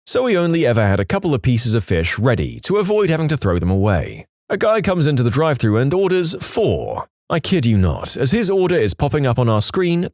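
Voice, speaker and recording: A man's voice: on the high side, darkish tone, no echo, clean studio sound. A man narrating online stories in a scripted read, with a wry, sarcastic storytelling manner.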